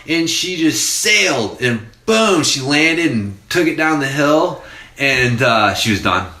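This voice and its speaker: A man in his forties telling stories in casual podcast chat, animated and laughing, with free swearing. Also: medium pitch, slow pace, roomy sound, background noise. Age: 40s. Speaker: podcast host.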